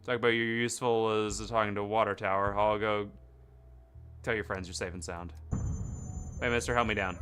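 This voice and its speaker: A young man streaming a game, reading the characters' lines aloud and breaking off into loud, excited chatter with his viewers. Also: on the low side, brisk, pauses often, music in the background.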